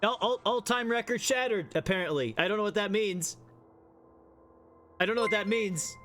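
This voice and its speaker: A young man streaming a game live, chatting to his viewers in an excitable way, swearing often and laughing a lot. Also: sits high, moderate pace, long pauses, soft background music. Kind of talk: casual live-stream chat.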